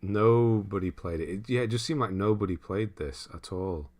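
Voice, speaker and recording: A young man hosting a casual livestream, reading viewer comments aloud and thinking out loud in a rambling way with frequent chuckles. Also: lowish voice, moderate pace. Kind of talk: casual live-stream chat.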